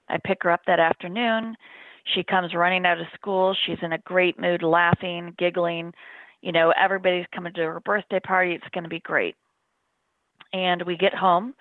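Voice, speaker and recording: A woman's voice: fairly low pitch, no echo. A middle-aged woman telling a personal story as an interview guest, in an earnest, plain-spoken way. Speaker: interview guest, bereaved mother. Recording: dry, phone-like narrow sound.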